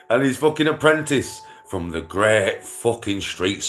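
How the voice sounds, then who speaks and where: A man's voice: mid-range voice, expressive, takes it slowly, a bit bright, soft background music. A man livestreaming casual chat to his viewers, rambling and swearing, with frequent laughter.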